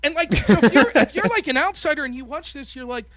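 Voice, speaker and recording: A man's voice: very high-pitched, lively intonation, fast, over a noisy crowd. A man hosting a podcast, telling a story in casual, profane chat and mocking the people he quotes in put-on voices. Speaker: podcast host.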